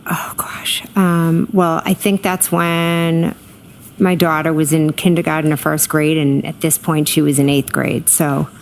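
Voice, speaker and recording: A middle-aged woman gives courtroom testimony in a deep, gravelly voice. She hesitates often, filling gaps with ums, and keeps her answers short, with a faint hiss under her speech. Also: level tone, a little slow. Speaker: trial witness.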